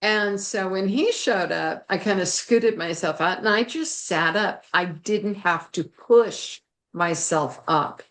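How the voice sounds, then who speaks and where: A woman guest telling a personal story in an interview, animated and laughing now and then. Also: medium pitch, slow pace.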